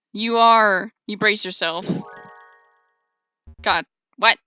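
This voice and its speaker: A woman streaming a dating game, reading it aloud and reacting loudly, shrieking and laughing in protest. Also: medium pitch, steady tone, extremely slow, long pauses, clear, resonant tone, no room sound. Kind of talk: let's play commentary.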